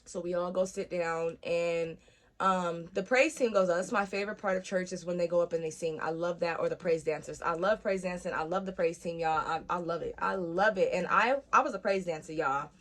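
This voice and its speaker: Young woman vlogger, casual storytime, lively and foul-mouthed, acts out the voices in her story. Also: fairly low pitch, fairly quick. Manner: animated, profane, acts out quoted voices.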